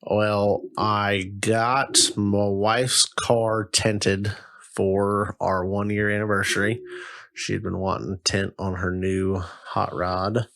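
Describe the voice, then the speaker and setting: A man's voice: on the low side, slow pace, vocal fry. Man telling a rowdy story. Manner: animated, profane, heavy use of "like". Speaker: podcast host. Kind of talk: casual storytelling chat.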